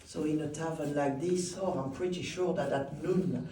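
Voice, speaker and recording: A man's voice: fairly high pitch, steady tone, moderate pace, mellow, distant mic, slight background noise. A man leading a guided tour and telling its stories in a theatrical manner, chuckling often. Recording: echoey room from afar with faint ambience.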